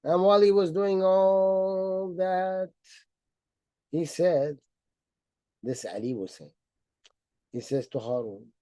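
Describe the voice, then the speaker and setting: A man's voice: high voice, takes it slowly, pauses often, warm tone, clean tone, no echo, highs cut off. A man giving a sarcastic, mocking commentary on religious history, retelling it theatrically and acting out the people in it. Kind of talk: mocking lecture-style commentary.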